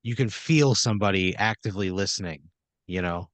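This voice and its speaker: A man's voice: low-pitched, fairly quick, dry recording. A man hosting a comedy podcast, narrating an improvised scenario in second person with lots of fillers and restarts. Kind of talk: improvised storytelling.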